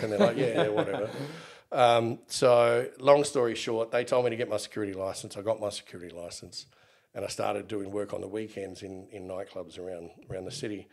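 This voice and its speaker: A man's voice: lowish voice, fast. A middle-aged Australian man in a casual interview, telling stories and acting out the people in them. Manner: animated, acts out quoted exchanges. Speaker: interview guest, former bodyguard.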